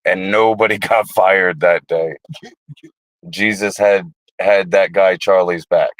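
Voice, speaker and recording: A man's voice: low-pitched, fairly even intonation, slow, no echo, rough recording. A man hosting a casual livestream, telling rambling, profane stories. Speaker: livestream host.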